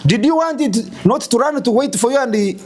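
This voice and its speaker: Animated Ugandan man telling a story. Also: very high voice, brisk, noisy background. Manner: animated, rhetorical questions, repeats words. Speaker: guest. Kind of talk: storytelling interview.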